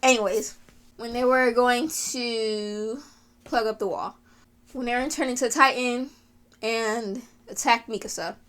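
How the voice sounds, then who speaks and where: High-voiced woman ranting with sighs. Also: steady tone, a little slow, fairly bright tone. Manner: gushing and exasperated, full of sighs, laughs and fillers. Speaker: anime video creator. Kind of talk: rambling anime rant.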